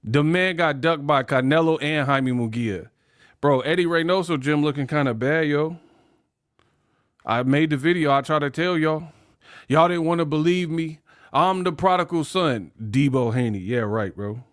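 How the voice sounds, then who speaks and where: A young man hosting a live boxing stream, talking in animated slang. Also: a little high, moderate pace, no room sound. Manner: animated, slangy, laughs at his own jokes. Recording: dry close mic.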